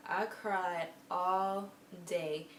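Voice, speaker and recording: A woman's voice: on the low side, fairly even intonation, extremely slow, fairly bright tone. Chatty young woman in an echoey room. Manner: chatty and earnest, with quoted asides. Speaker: vlogger. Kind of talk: casual storytelling to camera. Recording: echoey room with faint background hum.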